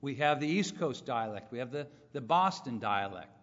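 A man's voice: mid-range voice, expressive, normal speed, a bit bright. A man from California preaching a sermon to a congregation in an earnest teaching tone, with emphatic rises. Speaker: pastor. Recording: muffled hall with long reverb.

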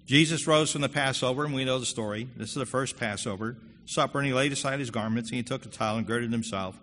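Bright-voiced man preaching in a reverberant hall. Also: medium pitch. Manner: earnest preaching, rising loud when quoting scripture. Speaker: pastor. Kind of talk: sermon. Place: church hall. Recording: long hall reverb with faint room noise.

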